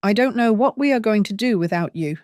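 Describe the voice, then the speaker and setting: A friendly male coworker in an audiobook drama, cheerful and full of praise, as a woman narrator puts him on. He speaks a notch higher than the narrator and a bit louder. The sound is dry and close. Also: animated, fairly quick, no room sound. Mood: fond.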